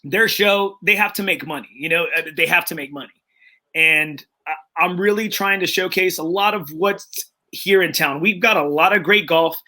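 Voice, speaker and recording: A man's voice: fairly high pitch, bright, forceful tone. A man hosting a casual golf podcast, speaking earnestly and getting emotional, with frequent restarts and fillers. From Texas. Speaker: podcast host.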